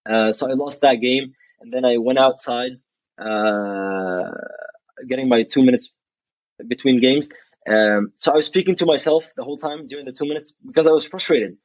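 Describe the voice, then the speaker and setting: A man's voice: medium pitch, normal speed, dry recording. A young man, a college athlete guest, telling a story in a casual interview, frank and blunt, swearing freely and restarting his sentences often. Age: young adult. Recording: dull, dry recording.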